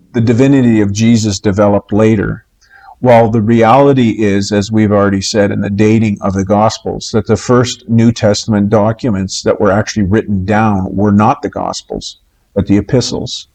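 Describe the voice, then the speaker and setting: A man teaching a recorded Bible lesson, in a measured way with many pauses and "uh" fillers. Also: on the low side, fairly even intonation, a little mellow.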